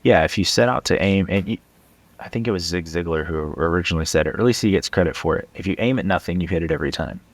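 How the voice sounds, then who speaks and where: Brief: deep-voiced male coach, earnest and emphatic, dry close sound. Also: fast, dry recording. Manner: earnest, emphatic, tag questions. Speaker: financial coach guest. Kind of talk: casual conversation.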